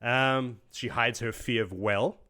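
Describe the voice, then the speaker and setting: A man retelling a fantasy chapter for a podcast audience in an excitable, loose way. He swears freely and laughs along. His voice is bright and forceful at an average pitch. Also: slow pace. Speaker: podcast host. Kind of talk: casual book recap.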